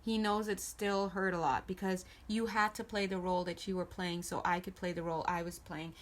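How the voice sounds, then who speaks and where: A woman giving a casual tarot reading to camera, chatty and playful and warmly encouraging toward her viewers. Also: fairly low pitch, flat delivery, a little fast. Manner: chatty and playful, giggles often. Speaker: tarot reader.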